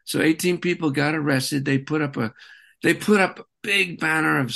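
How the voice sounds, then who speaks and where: A man being interviewed as a guest, recounting events in an animated, rambling way. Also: on the high side, moderate pace, gravelly. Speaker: interview guest, peace activist. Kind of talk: conversational interview.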